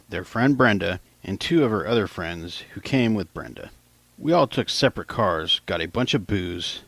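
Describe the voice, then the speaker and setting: A man's voice: on the low side, no echo. A man narrating his own novel as an audiobook in a plain, casual storytelling manner. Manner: plain, casual storytelling, quotes lines in lightly raised voices.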